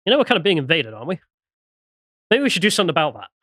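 A man co-hosting a political podcast, presenting a news item in a quick, sardonic way and reading out posts with asides. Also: a little high, sing-song, fairly bright tone, dry recording, studio quality. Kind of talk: casual political podcast chat.

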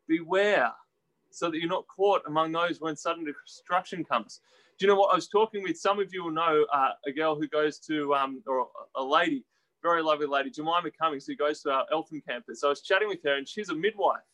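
A man delivers a sermon in a bright, fairly high voice. He talks in a conversational way, asking his listeners questions and acting out the quoted voices with lively shifts in pitch. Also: rough recording. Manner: animated, acts out quoted voices with rising pitch. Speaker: preacher.

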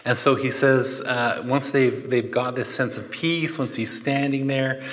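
A man preaching a conversational sermon, animated and chatty, with joking asides. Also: medium pitch, measured pace. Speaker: pastor. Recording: long hall reverb.

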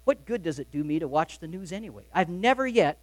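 A pastor delivering a sermon in a fairly high male voice. He pushes hard on key lines, then drops to a soft, confiding tone. The sound is dry and close, with no room ring. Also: lively intonation, quick pace, no echo. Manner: emphatic preaching, swinging between loud and soft.

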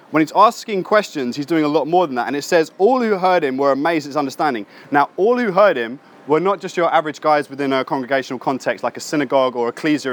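A male preacher gives a relaxed, conversational sermon. He keeps it lively by acting out the people in his stories and dropping slangy asides. His voice sits slightly high for a man. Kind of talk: casual sermon.

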